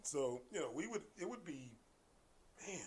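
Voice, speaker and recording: A man with a slightly higher voice tells work stories in a relaxed conversational way. He acts out voices and drops to a whisper for emphasis. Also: normal speed, slight background noise. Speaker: guest, martial arts coach. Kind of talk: casual storytelling.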